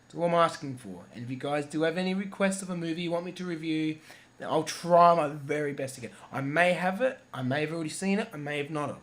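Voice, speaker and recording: A young man giving a casual, rambling movie review on his vlog, excitable and swearing freely. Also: a little high, quick pace.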